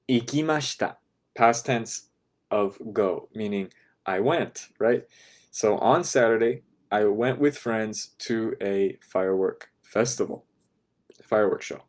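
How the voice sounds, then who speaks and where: A man teaching a class, patiently walking through each phrase and checking in with his listeners. His voice sits low, and it often drops soft and quiet as he repeats a phrase. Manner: patient, breaks phrases down step by step, often asks "right?". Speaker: language teacher. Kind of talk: explaining a lesson to a class.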